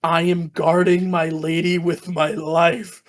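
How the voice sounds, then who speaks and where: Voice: flat delivery, slow, close to an everyday voice. A podcaster putting on the voice of a stubborn, single-minded young woman guard knight during an anime retelling. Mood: flatly stubborn. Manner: dramatic wailing, loud and high.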